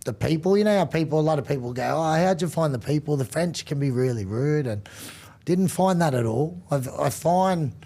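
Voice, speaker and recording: An Australian man, a rugby league coach as podcast guest, telling stories in a relaxed, rambling way, often restarting his sentences. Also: a little high, a little fast. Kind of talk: casual chat.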